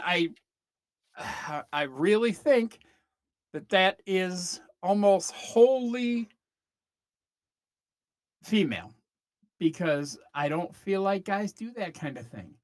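In a high-pitched, sing-song voice, slowly and with long pauses, a man rants ramblingly on his comedy podcast. He keeps interrupting himself, restarting, and doing exaggerated mock voices, recorded on a close mic with no room echo at all.

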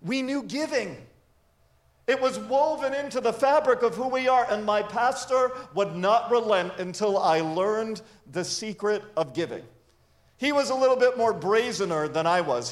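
Male pastor, high voice, earnest conversational sermon delivery. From grew up in a church with many missions givers. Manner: earnest, conversational preaching with personal stories.

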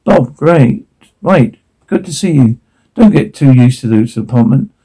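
A relaxed, sociable partygoer in a film drama. His voice sits in a middle pitch and sounds deep, dark and mellow. He talks smoothly and casually. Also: a little slow, poor audio. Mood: easygoing.

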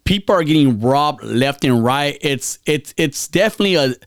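A man hosts a podcast in loose, rambling chat, tripping over his words, repeating himself and cursing as he tells a story. His voice sits high for a man. The recording is dry, with no room sound. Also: expressive, normal speed, dry recording. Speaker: podcast host. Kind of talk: casual chat.

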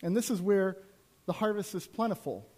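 A man's voice: high-pitched, expressive, moderate pace, a little mellow. A man preaching a sermon as a pastor, telling personal stories in a conversational way with frequent asides to the congregation.

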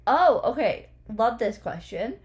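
A woman from Canada hosting a podcast in casual chat, her voice hoarse as she loses it, talking in an upbeat, chatty way. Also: on the high side, big pitch swings, unhurried, darkish tone, highs cut off. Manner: chatty and upbeat, laughs easily. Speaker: podcast host.

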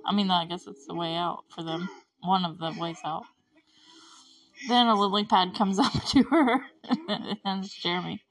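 A woman's voice: fairly low pitch, normal speed, far from the mic. A young woman hosting a podcast, recapping a movie in a rambling, chatty way with frequent laughs and puzzled asides. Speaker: podcast host.

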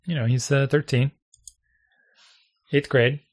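Middle-aged man, youth coach, dry deadpan delivery, unhurried chat. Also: medium pitch. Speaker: youth soccer coach and podcast co-host. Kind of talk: casual chat.

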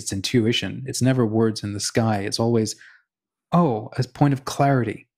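A man co-hosting a faith podcast, telling stories in casual conversation and acting out the quotes inside them. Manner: storytelling, acts out quotes with rising pitch. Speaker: podcast co-host.

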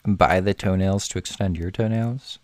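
A man with a lower voice, hosting a podcast as a loose, casual chat. He often mumbles and lets his lines trail off softly. He records from his bedroom at home. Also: moderate pace. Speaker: podcast host.

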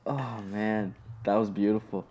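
A young man co-hosting a podcast, laid-back and agreeable, often chiming in with quick replies. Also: on the low side, steady tone, a little mellow, highs cut off. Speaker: podcast co-host. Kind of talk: casual chat.

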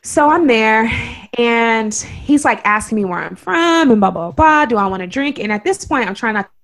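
A woman from Oakland with a Bay Area accent, co-hosting a podcast and telling a story in an emphatic, animated way. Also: on the high side, moderate pace. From Oakland, California. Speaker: podcast co-host. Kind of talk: casual storytelling chat.

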